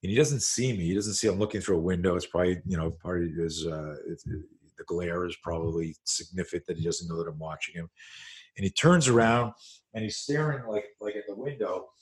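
A middle-aged self-defense instructor tells a story during an interview, his low voice running a little fast. He swears freely and is an animated storyteller, acting out each scene as he goes.

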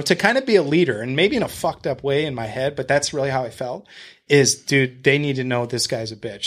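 A man's voice: medium pitch, a bit bright. A man guest on a podcast, telling a story in casual chat, blunt and profane. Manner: blunt and profane, retelling a confrontation; talks to the host with fillers and restarts.

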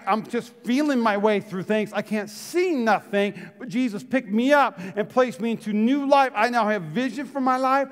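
High-voiced preaching man in a reverberant hall. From United States. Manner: dynamic preaching, swinging from shouts to soft near-whispers; calls out to the congregation. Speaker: pastor. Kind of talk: sermon. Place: church hall.

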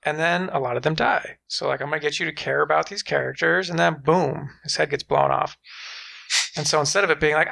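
A man in casual conversation about films, animated and profane, often acting out quoted reactions. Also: fairly high pitch, fairly quick, gravelly. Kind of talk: casual film discussion.

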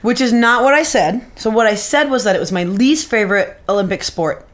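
A woman's voice: fairly high pitch, a little fast. A woman co-hosting a podcast in casual chat, rambling and swearing freely. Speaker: podcast co-host.

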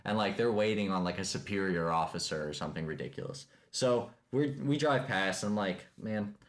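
Low-voiced, jokey podcast co-host man. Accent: Kentucky. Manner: jokey, animated storytelling with quick voiced asides. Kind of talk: casual chat.

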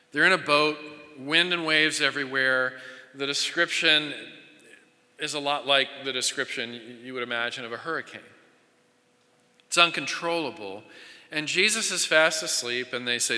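A man's voice: mid-range voice, moderate pace, pushed and bright. Earnest preaching man in a reverberant hall. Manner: earnest preaching with frequent repetitions and restarts. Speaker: pastor. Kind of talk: sermon.

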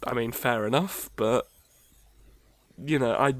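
A man's voice: medium pitch, unhurried, no room sound. Sardonic man on a dry close mic. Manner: dry, sweary, sardonic banter. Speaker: podcast co-host. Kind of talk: casual podcast chat.

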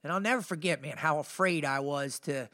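Talking a little fast with a bright, forceful tone and fairly high pitch, a middle-aged motivational podcast host launches into a story. His delivery is fired up and slangy, with frequent use of "man."

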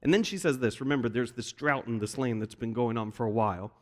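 Man preaching a sermon, mid-pitched voice, lively storytelling, long hall reverb. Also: fast. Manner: animated storyteller, acts out quoted voices. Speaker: pastor. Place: church sanctuary.

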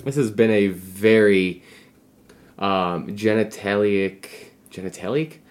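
A man's voice: on the low side, slow. A man co-hosting a podcast, chatting casually in a sarcastic, joking way. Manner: joking, sarcastic, mock voices. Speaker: podcast co-host. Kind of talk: casual chat.

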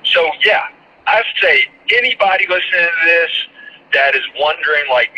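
Bright-voiced Southern man on a muffled line. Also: on the high side, normal speed. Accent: Southern US (Georgia). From Georgia, US. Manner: animated, emphatic, storytelling with quoted voices. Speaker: broadcaster guest. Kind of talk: casual interview chat.

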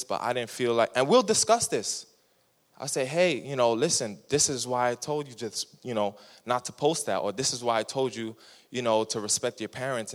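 A young man with a medium-pitched voice preaches a storytelling sermon to a youth group, and the recording has a big-room sound. He's a youth pastor, and he tells his story in an animated way, acting out the voices of its characters.

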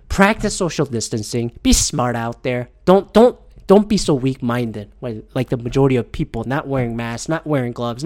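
A man hosting his own podcast and venting with plenty of swearing. His pitch leaps up and down in a lively, exasperated rant, and he sounds a little teary and keeps gulping. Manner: profane, exasperated ranting. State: teary and gulping after a swab test. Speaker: podcast host.

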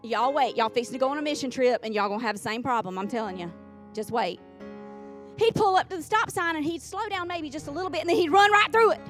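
Woman preaching, soft music behind. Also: high-pitched, lively intonation, quick pace. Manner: folksy, repeats lines for emphasis, calls on the congregation. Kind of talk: sermon. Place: church sanctuary.

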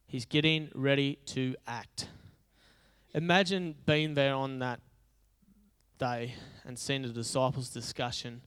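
A man's voice: medium pitch, a bit bright, clean tone. A male pastor preaching a conversational, humorous sermon that builds into emphatic repetition.

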